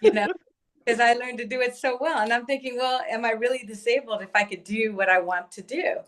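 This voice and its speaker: A woman appearing as a guest author in an interview, speaking in a thoughtful, explanatory way with "uh" pauses. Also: fairly high pitch, a bit bright. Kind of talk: interview conversation.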